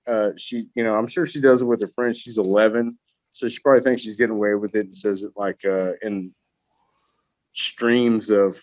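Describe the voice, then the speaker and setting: Podcast guest, male, lively swearing storyteller, dry lo-fi mic. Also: medium pitch, no room sound. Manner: profane, animated anecdote telling.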